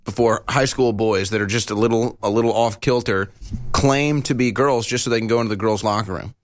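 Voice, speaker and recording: A man's voice: on the low side, steady tone, a little fast. A man on a talk-show panel who jumps in with sarcastic remarks.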